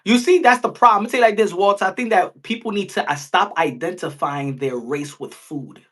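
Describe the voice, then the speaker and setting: A man's voice: high-pitched, fairly quick, fairly bright tone. A man hosting a boxing live stream, talking animatedly and crudely and slipping into mocking impressions.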